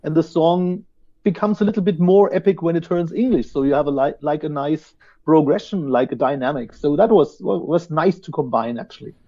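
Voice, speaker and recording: A man's voice: on the high side, normal speed, mellow, dull audio. A male musician giving enthusiastic interview answers, restarting words as he talks, over a remote line. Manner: enthusiastic, repeats words as he starts sentences. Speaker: band singer and guitarist, interview guest.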